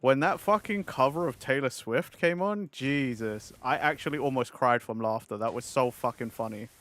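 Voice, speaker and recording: A man's voice: medium pitch, normal speed, a bit bright. A man streaming a game, chatting casually with viewers, giggling often and swearing freely. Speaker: livestreamer. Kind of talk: casual gaming stream chat.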